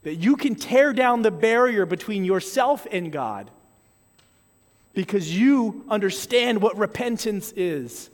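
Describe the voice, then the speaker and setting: Very animated yet earnest and measured, a high-voiced male pastor gives a sermon, acting out example apologies and prayers to make his point. His words echo with a long hall reverb.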